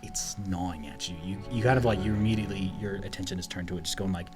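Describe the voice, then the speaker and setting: A man's voice: sits low, quick pace, music in the background. A young man narrating as game master, casual and rambling, laughing as he goes.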